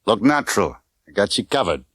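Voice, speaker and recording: A man voicing a cold gangster who speaks slowly and softly with quiet menace. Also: fairly low pitch, sing-song, dry recording. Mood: menacing. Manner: slow and soft, menacing. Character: cold, soft-spoken American gangster. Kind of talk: audiobook character voice.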